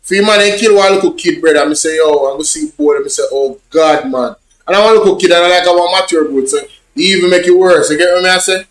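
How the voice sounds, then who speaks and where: Man, Jamaican accent, patois, rambling casual vlog talk, somewhat high voice, roomy echo. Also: fast, hardly any pauses, a bit bright. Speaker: social media vlogger. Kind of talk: casual storytelling chat.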